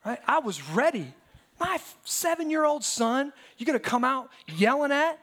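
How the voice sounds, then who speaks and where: A man's voice: very high voice, expressive, normal speed, fairly bright tone. A pastor in his thirties preaching a sermon, telling stories animatedly and firing rhetorical questions at the congregation.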